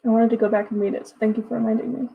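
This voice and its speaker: A woman's voice: fairly high pitch, level tone, racing, creaky, phone-quality sound, a little hiss or hum. A young woman hosting a writing livestream, chatting casually with viewers, giggling often and talking in loose, restarting phrases. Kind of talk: casual livestream chat reading comments.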